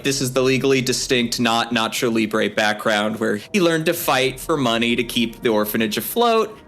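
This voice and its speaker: A man's voice: medium pitch, fairly bright tone. A man playfully introducing his tabletop game character in casual chat. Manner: playful, joking. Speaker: player.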